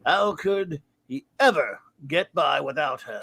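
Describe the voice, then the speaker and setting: Male podcast host, wry and rambling, slightly raised pitch, very dry mic. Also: lively intonation, measured pace, creaky, a bit bright, husky, no echo. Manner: rambling, wry, trails off into mumbles. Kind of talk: casual review chat reading listener grades.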